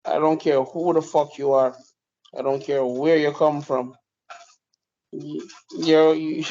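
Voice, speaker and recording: A man's voice: fairly high pitch, dark tone. A man giving blunt, profane opinionated commentary as a podcast host. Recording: dull lo-fi recording.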